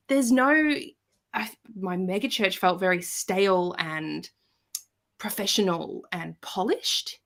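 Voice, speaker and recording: Animated woman telling a personal story. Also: lowish voice, slow pace. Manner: animated, acts out quoted voices. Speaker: podcast guest. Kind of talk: casual storytelling.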